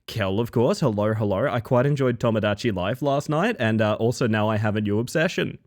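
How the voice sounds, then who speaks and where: A man's voice: fairly low pitch, a little fast. A man streaming live, chatting casually and greeting his chat one by one with playful, jokey asides.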